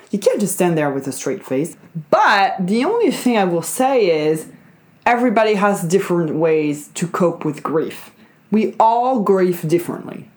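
A woman's voice: mid-range voice, darkish tone. A young woman hosting her own show, chatting casually on her own in a rambling, emphatic way with frequent swearing. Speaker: podcast host. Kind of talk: casual solo chat.

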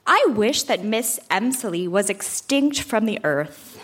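A woman's voice: medium pitch, lively intonation, takes it slowly, fairly bright tone, breathy edge, full character voice. A woman voicing a young girl who makes foolish wishes in a storybook tale she reads aloud, pleading and wide-eyed. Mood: wishful.

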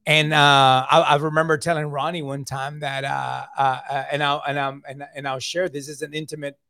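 Earnest middle-aged guy sharing his recovery story, kinda high voice, dry close sound, keeps saying man. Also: level tone, normal speed, sharp tone, clean tone, dry recording. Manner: repeats words and fills talk with "man"; earnest, confiding. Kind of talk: casual personal storytelling.

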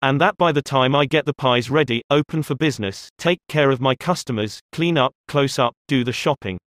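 A man's voice: medium pitch, a little fast, a bit bright, dry recording, studio quality, close to an everyday voice. A man reading a worn-out, bitter baker woman. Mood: exhausted. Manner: emphatic, venting. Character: exhausted woman pie-shop owner, bitter and desperate.

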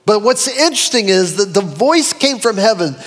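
A man preaching a sermon in an animated way, with dramatic swings in his voice as he quotes scripture. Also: sits high, normal speed, in a large hall. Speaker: pastor.

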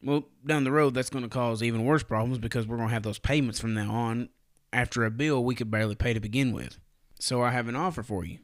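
A man's voice: medium pitch, quick pace, no room sound, clean studio sound. A man giving a casual morning devotional on his podcast, folksy and plain-spoken, asking his listeners rhetorical questions. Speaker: podcast preacher.

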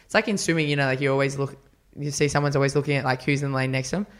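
A man's voice: mid-range voice, steady tone, very fast, fairly bright tone. A man, a podcast guest, chatting casually and telling stories, acting out quotes with lots of fillers. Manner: chatty storyteller, acts out quotes, many fillers. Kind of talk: casual interview chat.

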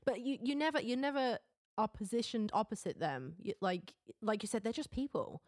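A woman's voice: a little high, animated, moderate pace, a little mellow, no echo. Give me an English woman co-hosting a film podcast, chatty and laughing, in a dry room. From England. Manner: chatty, swears freely, laughs often. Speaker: podcast co-host. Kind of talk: casual film review chat.

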